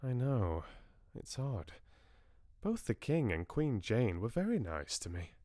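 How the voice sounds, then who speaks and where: A man's voice: mid-range voice, big pitch swings, slow, mellow, dry recording, clean studio sound. A man voicing Bella, a young woman, in a light, wry tone while reading a novel aloud.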